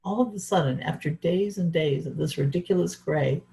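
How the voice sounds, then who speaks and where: A woman's voice: sits low, moderate pace, vocal fry, warm tone, rough recording. A woman speaker giving an earnest, reflective talk about her own life. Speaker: event speaker. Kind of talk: personal storytelling talk.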